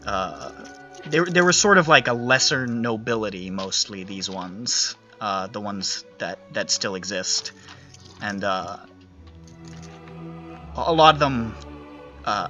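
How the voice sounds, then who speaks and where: A man narrating as a game master in a loose, rambling way, full of filler words. His voice is bright and sits at a middling pitch. The recording sounds slightly muffled. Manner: relaxed, rambling, many fillers.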